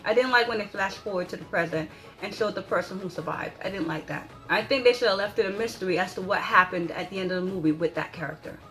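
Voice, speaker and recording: A woman giving an excited, dramatic spoken movie review, stressing points with repeated rhetorical questions. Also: medium pitch, fast, soft background music. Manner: dramatic, emphatic, repeats "okay?" for emphasis.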